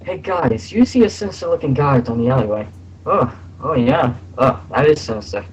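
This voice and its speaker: A man voicing a calm, deadpan cartoon young man as an impression, a little hoarse from a sore throat. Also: mid-range voice, brisk, lo-fi sound, a little hiss or hum, close to an everyday voice. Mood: deadpan banter.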